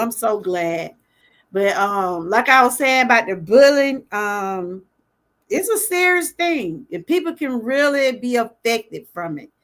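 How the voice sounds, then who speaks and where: An older woman talks on her livestream in a fairly high voice. Her delivery is earnest and heartfelt, and she speaks straight to the people watching. The sound is a casual at-home webcam setup. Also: fairly bright tone. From Georgia, US. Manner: earnest, speaks straight to viewers, often moved. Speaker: livestream host. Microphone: webcam or phone livestream.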